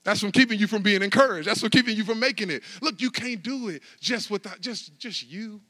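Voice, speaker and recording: A man preaching a sermon in a high, bright, ringing voice. He moves from soft, conversational asides to shouted, climbing lines. He talks to his congregation in a loose, casual way. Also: a little fast. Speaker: pastor.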